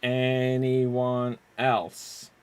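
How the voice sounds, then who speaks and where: A man hosting an online improv game over a video call, unhurried and chuckling as he calls on players by name. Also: medium pitch, monotone, clear, resonant tone. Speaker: improv show host.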